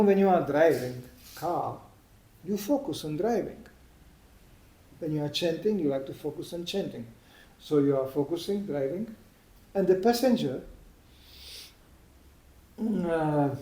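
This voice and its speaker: A man giving an informal, anecdotal spiritual talk, chatty and quick to laugh at his own stories. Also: a little high, expressive, mellow. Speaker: devotional speaker. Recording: echoey room.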